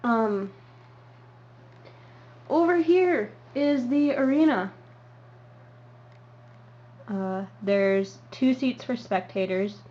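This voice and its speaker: A young woman who vlogs about model horses gives a casual show-and-tell tour, rambling with plenty of ums and uhs. Her voice is a little high, she stretches out her words and pauses often, and the lo-fi home recording sounds dull with faint hiss.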